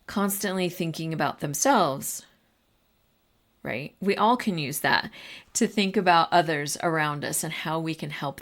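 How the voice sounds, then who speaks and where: Lower-pitched woman giving casual teaching advice. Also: a bit bright. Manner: conversational, addresses listeners directly. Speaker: podcast host and teacher.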